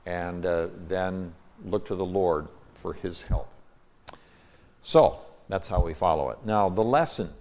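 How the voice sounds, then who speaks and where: A man's voice: low voice, measured pace, a little mellow. A man reading a psalm aloud with brief word notes, then teaching on it, his reading rising to sudden emphatic stresses. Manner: reads verses with sudden emphatic rises, explains in asides. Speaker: Bible teacher.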